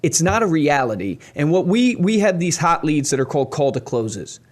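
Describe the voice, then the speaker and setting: A man's voice: on the high side, sing-song, moderate pace. A man co-hosting a podcast, speaking emphatically in a coaching tone to his audience. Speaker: podcast co-host. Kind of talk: casual podcast chat.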